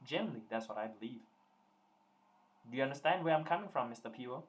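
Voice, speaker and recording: A man's voice: mid-range voice, expressive, fast. A young man tutoring students on a live online call, teasing and joking with them as he works through examples.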